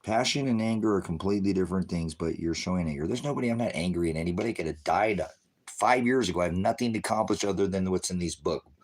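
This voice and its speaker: A man's voice: low-pitched, quick pace, a little mellow. A middle-aged man ranting on a livestream in a confrontational, sarcastic, preachy way, trading insults with viewers and calling them brothers and sisters. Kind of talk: heated livestream rant to viewers.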